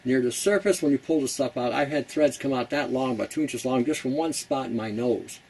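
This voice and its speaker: A man's voice: medium pitch, creaky, darkish tone, slight background noise, rough recording. A man hosting a casual how-to talk, chatty and blunt, laughing at his own jokes. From Canada. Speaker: host.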